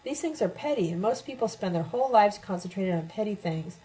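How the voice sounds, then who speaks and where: A woman reading the lines of a calm, detached male mystic in an audiobook. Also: medium pitch, a little fast, lightly acted, low-quality recording. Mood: serene. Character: calm man, a dreamy mystic.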